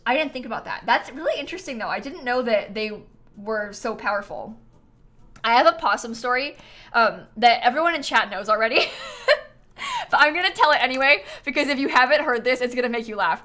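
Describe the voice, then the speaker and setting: A woman hosts a livestream, chatting casually and giggling as she plays a game and thanks viewers for donations. Her fairly high voice sounds animated, pushed, and bright, and she speaks a little fast.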